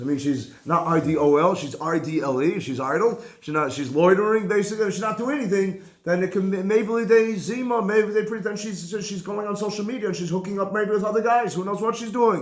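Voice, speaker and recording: A man, a rabbi, giving a lively conversational halacha class. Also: high-pitched. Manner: animated, conversational, mixes Hebrew and Yiddish terms. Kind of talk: Torah class lecture. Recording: echoey room.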